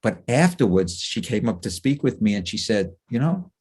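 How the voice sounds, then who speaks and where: A man's voice: fairly low pitch, expressive, normal speed, darkish tone, breathy edge. An older man, a psychologist, speaking as a guest in a webinar, telling anecdotes in a conversational way with chuckles and restarts over a video call microphone.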